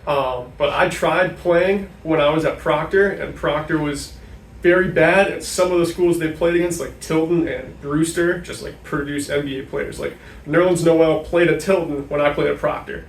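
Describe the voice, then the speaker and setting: A man's voice: fairly high pitch, fairly even intonation, normal speed, slight background noise. Young man, from New Hampshire, casual interview guest, filler-heavy, distant mic, echoey room. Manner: chatty, many "like" fillers. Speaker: guest, sports information director.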